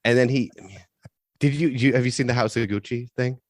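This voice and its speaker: A man's voice: mid-range voice, steady tone, a little mellow, no echo, clean studio sound. A man co-hosting a podcast in casual chat, rambling with many restarts and swearing freely. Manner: rambling, halting restarts, profane. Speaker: podcast co-host.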